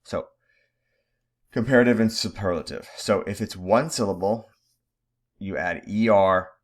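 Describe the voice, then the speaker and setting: A man with a very low voice teaches a recorded grammar lesson. He talks to his students in a casual, direct way. He laughs off his own typos as he goes. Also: measured pace.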